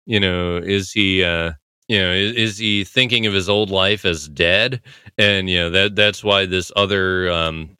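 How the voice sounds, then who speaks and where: A man's voice: low-pitched, bright, forceful tone, clear, resonant tone, no room sound, studio quality. A man hosting a show, casually breaking down a TV episode in a loose, rambling way, full of filler words and laughing often. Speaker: podcast host analyzing a TV episode. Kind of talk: casual commentary.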